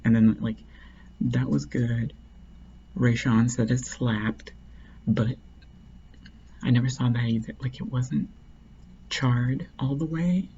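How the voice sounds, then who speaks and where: A man's voice: mid-range voice, dark tone, dull audio, a little hiss or hum. A man casually telling a long, rambling story, full of "like" and restarts. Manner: rambling, heavy use of "like".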